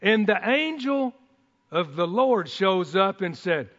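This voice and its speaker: A preacher with a high voice, giving a folksy, excitable sermon full of whoops and asides. His voice carries a long reverb from a church hall. The sound is dull and muffled. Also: takes it slowly.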